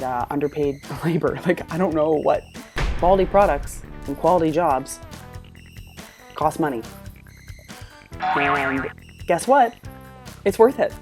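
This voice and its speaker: A woman's voice: low voice, unhurried, pauses often, over music. A woman commenting on clips in a blunt, exasperated rant, swearing freely. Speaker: reaction commentator. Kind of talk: ranting reaction commentary.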